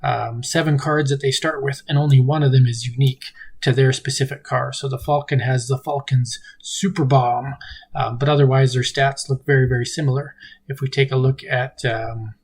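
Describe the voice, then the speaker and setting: Husky-voiced man hosting a game preview. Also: mid-range voice, normal speed. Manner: relaxed, with frequent ums and uhs. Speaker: board game channel host.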